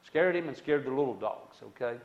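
A man telling a personal testimony story in a conversational way, with dramatic swings between loud and hushed delivery and many asides to the listener. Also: medium pitch, animated, brisk, muffled recording.

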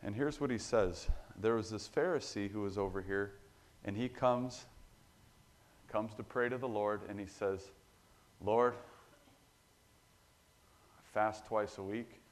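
A man preaching a sermon in an earnest, emphatic way, getting louder on his key points. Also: fairly low pitch, moderate pace. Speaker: pastor.

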